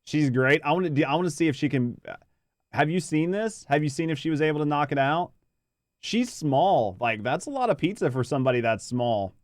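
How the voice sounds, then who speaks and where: A man's voice: fairly high pitch, lively intonation, fairly quick, no echo, clean studio sound. A man doing rambling, casual reaction commentary, swearing freely and chatting with his viewers. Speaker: reaction streamer.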